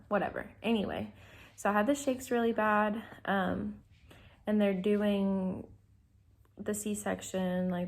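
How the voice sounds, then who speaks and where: A woman's voice: mid-range voice, creaky, a little mellow. Rambling young woman vlogger. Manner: rambling, many fillers and restarts. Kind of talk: casual storytelling.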